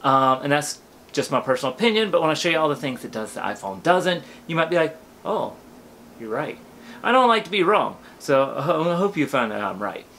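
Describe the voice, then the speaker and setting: Young male vlogger, goofy and rambling, a little high, very lively pitch; casual to-camera delivery. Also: fast talker, slight background noise. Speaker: YouTuber. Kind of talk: casual vlog chat to camera.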